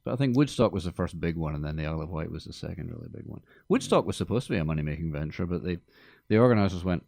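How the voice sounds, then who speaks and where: A man's voice: sits low, lively intonation, racing, gravelly, darkish tone, no echo. A man hosting a radio show, chatting casually and joking about films. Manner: joking, puts on silly voices in anecdotes. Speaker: radio host. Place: radio studio.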